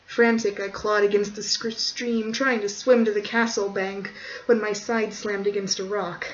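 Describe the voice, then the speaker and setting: Measured storyteller on a dull distant mic. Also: mid-range voice, level tone. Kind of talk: scripted narration of a horror short story. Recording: dull distant recording, faint hiss.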